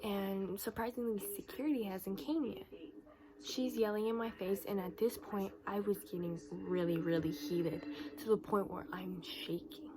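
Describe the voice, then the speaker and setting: Teenage girl telling an animated story. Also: medium pitch, background noise. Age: teens. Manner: animated retelling, acts out quoted dialogue. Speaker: vlogger. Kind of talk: storytime vlog.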